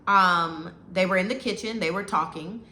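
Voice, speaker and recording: A woman's voice: fairly low pitch, normal speed, bright, forceful tone. A woman giving a casual, opinionated recap of a reality show, talking bluntly and with animation. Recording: echoey room with faint noise.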